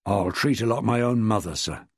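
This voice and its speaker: Man doing a deferential police inspector, husky and plain, audiobook. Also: lowish voice, normal speed, no room sound, clean studio sound, voice pushed down. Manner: polite, respectful, matter-of-fact. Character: deferential male police inspector, loyal junior officer. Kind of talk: audiobook character voice.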